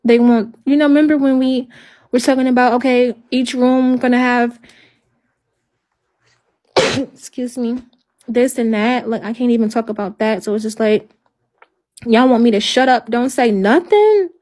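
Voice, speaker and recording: A woman talking on a livestream in halting, repetitive speech, sounding hopeless and stressed. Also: a little high, darkish tone. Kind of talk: emotional livestream talk.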